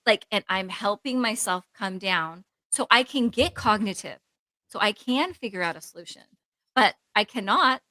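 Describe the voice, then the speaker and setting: Bright, animated woman therapist chatting. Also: mid-range voice, moderate pace, no echo, poor audio. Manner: animated, rambling with many "like"s, acts out her inner voice. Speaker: therapist co-host. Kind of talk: casual podcast chat.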